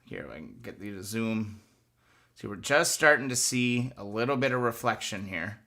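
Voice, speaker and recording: A man's voice: fairly low pitch, animated, moderate pace, creaky, bright, forceful tone. A man hosting a live stream, chatting casually and coaching viewers step by step through a hands-on task. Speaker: host of a motorcycle restoration live stream.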